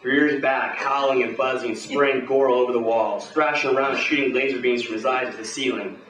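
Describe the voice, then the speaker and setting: A man's voice: medium pitch, fairly even intonation, fairly quick, reverberant, distant mic, a crowd in the background, poor audio. A man performing a hard-boiled pulp story live at a bar, with swaggering, profane tough-guy narration. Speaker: performer at an open reading.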